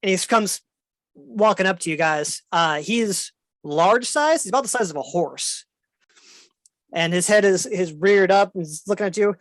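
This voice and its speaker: A man narrating as game master of a tabletop game, relaxed and descriptive with fillers. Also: high-pitched, normal speed, no room sound.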